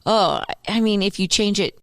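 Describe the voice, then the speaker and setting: A woman co-hosting a radio show in casual banter, playful and quick to try silly impressions. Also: mid-range voice, no echo, studio quality.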